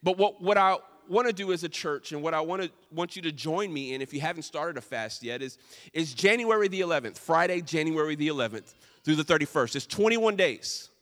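Male pastor, high bright voice, emphatic sermon with repeated phrases, echoey church hall. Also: animated, a little fast. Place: church sanctuary.

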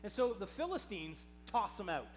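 High-voiced man preaching with passion. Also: very animated, moderate pace, faint music behind. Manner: impassioned, swinging from hushed to loud; reads scripture aloud dramatically. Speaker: pastor. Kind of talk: sermon.

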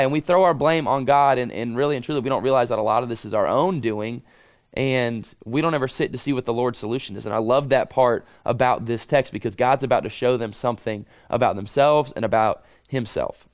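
A man's voice: mid-range voice, a little fast. A male pastor preaching a sermon in an earnest, emphatic way, often repeating phrases for stress.

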